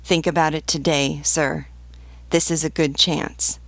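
A woman's voice: low-pitched, little pitch movement, unhurried, gravelly, a bit bright, no room sound, full character voice. A woman reading the part of a blunt, devoted army sergeant who speaks earnestly and protectively in an audiobook reading. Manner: earnest, pleading, fiercely protective.

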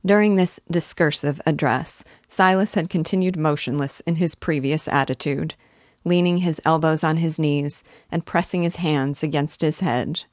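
A woman teaching literature, reading a novel aloud in a measured, even way. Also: deep voice, no room sound, clean studio sound.

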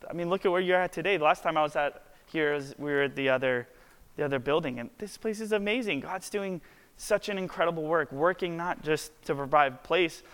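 A man's voice: on the high side, fairly quick, a bit bright, clean tone. A man in his twenties, a worship pastor telling a story in a casual, chatty sermon full of filler words. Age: 20s. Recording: long hall reverb.

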